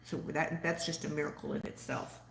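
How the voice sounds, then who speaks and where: Southern woman, casual livestream host, low gravelly voice, rambling and chatty, echoey room. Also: flat delivery, a little fast, slight background noise. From Texas. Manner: chatty and rambling, reads viewer comments aloud. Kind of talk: casual live-stream chat.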